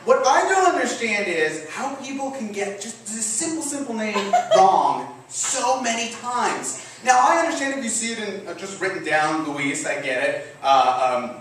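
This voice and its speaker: A man's voice: high-pitched, moderate pace, hardly any pauses, noisy background. A man from Mexico with a Mexican accent, telling a self-mocking story on a comedy stage. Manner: animated, self-mocking, laughs at own jokes. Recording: echoey stage recording from a distance, faint ambience.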